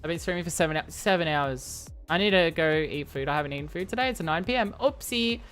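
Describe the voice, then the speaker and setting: A woman's voice: low-pitched, fast, fairly bright tone. Young woman, live-stream chatter, playful and rambling, faint music behind. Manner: playful, rambling, talks to chat. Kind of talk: casual live-stream chat.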